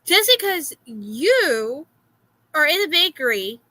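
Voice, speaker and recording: A high, bright woman with a Florida accent, her pitch swinging widely as she tells a story. She sounds exasperated and fills her pauses with "uh". The sound is dry and close. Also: no room sound, rough recording. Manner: animated, exasperated, many "uh" fillers. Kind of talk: casual storytelling rant.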